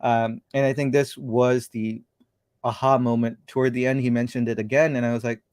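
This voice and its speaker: A man's voice: medium pitch, level tone, normal speed, darkish tone, no room sound, clean studio sound. A man hosting a casual livestream chat, rambling and thinking aloud as he talks. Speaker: show host.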